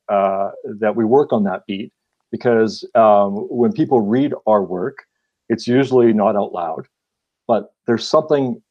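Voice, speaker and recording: Brief: male interviewer, halting and thoughtful, mid-pitched, dull lo-fi sound. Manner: halting, thoughtful, many hesitations. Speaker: interviewer, fellow writer. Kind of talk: casual interview.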